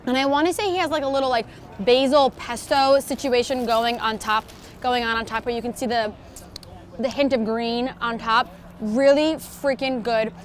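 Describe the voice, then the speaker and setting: A woman's voice: on the high side, fairly even intonation, normal speed, a little hiss or hum. Enthusiastic woman raving over food. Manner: chatty, enthusiastic, self-deprecating. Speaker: co-host and food taster. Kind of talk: casual food-tasting chat. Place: outdoors on city streets.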